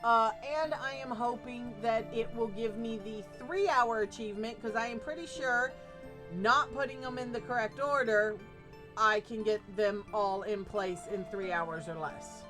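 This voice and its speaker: A woman's voice: a little high, measured pace, music in the background. A woman streaming a game live, chatting casually with her viewers, reacting to their messages and laughing often. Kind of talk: casual live-stream chat while gaming.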